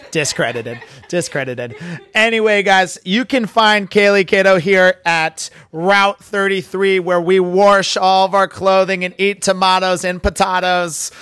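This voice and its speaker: A man's voice: sits high, little pitch movement, a little slow, few pauses, fairly bright tone, clear, resonant tone, no room sound, clean studio sound. A man with a New England accent hosting a casual podcast interview at a fitness gym, joking and teasing his guest. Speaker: podcast host.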